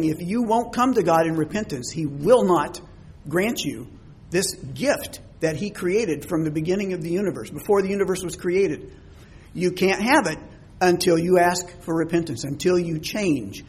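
A man's voice: fairly high pitch, slightly rough. A man preaching a sermon to a congregation in a church hall, speaking conversationally and asking them questions.

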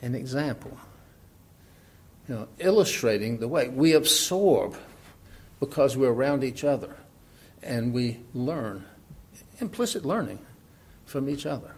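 Man, middle-aged, preacher, husky voice, conversational sermon, rhetorical questions. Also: mid-range voice, animated, a little slow, long pauses, a little mellow.

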